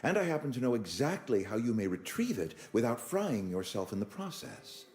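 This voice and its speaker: A man voices a fussy, self-important colony administrator in a video game, drawing out his formal phrases with wildly swooping pitch. His tone is dark and mellow, with faint game music under him. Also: very animated, fairly quick, natural voice. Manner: florid, overly formal and pompous. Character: pompous, fussy male colony administrator, middle-aged. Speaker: outpost administrator.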